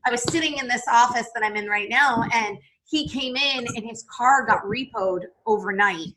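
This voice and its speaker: A woman's voice: fairly high pitch, a little fast, few pauses, background noise. A woman guest on a podcast, talking candidly and emphatically, quoting herself and swearing freely. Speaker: podcast guest, business coach.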